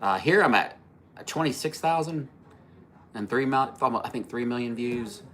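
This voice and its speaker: A man's voice: mid-range voice, animated, measured pace, fairly bright tone, a little hiss or hum. A man in his fifties hosting a livestream, telling stories in a rambling, profane way with many fillers and restarts. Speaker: livestream host. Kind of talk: casual livestream storytelling.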